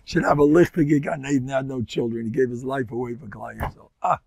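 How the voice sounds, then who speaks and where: Hoarse older rabbi, rambling storyteller. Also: male voice, medium pitch, steady tone, brisk, dry recording. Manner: rambling storyteller, swings from loud to near-whisper. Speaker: rabbi giving a Torah class. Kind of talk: informal Torah lecture with stories.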